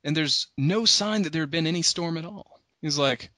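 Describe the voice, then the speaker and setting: A man hosting a podcast, casually retelling a book's story and acting out the characters' lines with a raised pitch. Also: moderate pace, pushed and bright, no echo. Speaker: podcast host.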